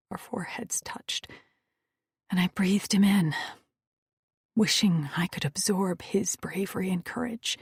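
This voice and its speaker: A woman's voice: mid-range voice, a little slow, darkish tone, breathy edge, no room sound, clean studio sound. A woman narrating a first-person romance audiobook with an emotional, often whispered delivery.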